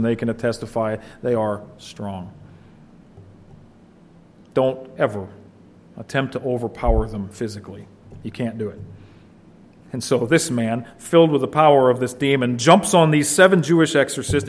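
A man preaching an expository sermon, swinging between loud emphasis and quiet, low asides. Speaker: pastor.

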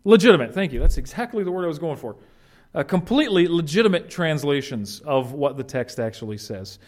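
A pastor preaching a conversational sermon, animated and informal, often restarting his phrases. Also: on the high side, fairly quick.

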